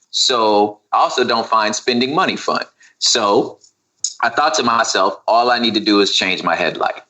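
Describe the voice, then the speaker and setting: A man chatting on a podcast, his voice bright and forceful. He tells the story with energy, acting out his own exasperated inner voice. The talk is loose and conversational. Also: fairly low pitch, moderate pace, rough recording. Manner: animated storyteller, acts out his own frustrated thoughts. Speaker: guest co-host. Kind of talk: casual podcast chat.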